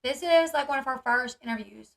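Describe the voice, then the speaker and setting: A woman's voice: high voice, a little fast, fairly bright tone. A woman vlogger chatting casually with lots of fillers, reacting with amusement to old clips. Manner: chatty, filler-heavy, amused, talks to her screen.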